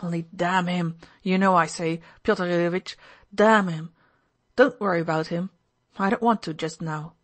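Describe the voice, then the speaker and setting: A woman reading the part of a reckless, excitable young man in an audiobook, loud and given to wild outbursts. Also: lowish voice, normal speed, natural voice.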